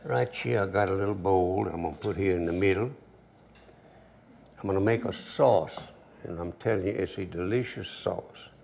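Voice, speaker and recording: Give me an older man with a deep gravelly drawl, chatting through a cooking demo. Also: moderate pace, a little hiss or hum. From Louisiana. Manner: relaxed drawl, storytelling asides. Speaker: cooking show host. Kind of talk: folksy cooking demonstration.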